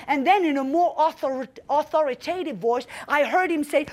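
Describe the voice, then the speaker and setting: A middle-aged woman, a young adult back in 1994, preaches a sermon and tells a story with fervent emphasis and commanding outbursts. Her voice is high, at a moderate pace with few pauses.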